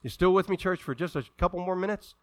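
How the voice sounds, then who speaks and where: The recording is dry as this male pastor gives his sermon, performing the voices of figures from scripture. Low, hushed asides alternate with loud, drawn-out, fervent calls.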